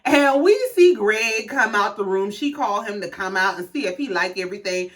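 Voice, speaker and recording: A woman's voice: mid-range voice, animated, a little fast, fairly bright tone. A woman giving a casual, profane, sassy recap of a reality show, telling the story with lots of quoted lines.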